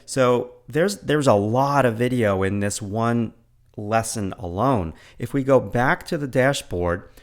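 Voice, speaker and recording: This middle-aged art instructor has a New York accent and a lowish, clean voice. He gives a casual screencast walkthrough of his online lessons, eager and peppered with fillers and repeated words.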